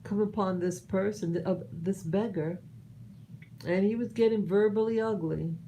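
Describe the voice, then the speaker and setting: A woman speaks slowly and earnestly, her voice mellow and relaxed, pausing to restart her thoughts. A faint hum of ambience sits behind her. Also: mid-range voice, rough recording. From United States. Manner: earnest, halting, with many restarts. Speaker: vlogger sharing opinions. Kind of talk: personal commentary monologue.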